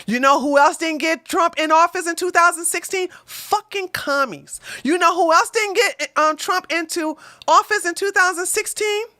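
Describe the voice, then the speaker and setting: A woman hosting a political livestream, ranting combatively and with lots of swearing, jumping between loud outbursts and quiet mutters. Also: very high-pitched, normal speed, hardly any pauses, dry recording, studio quality.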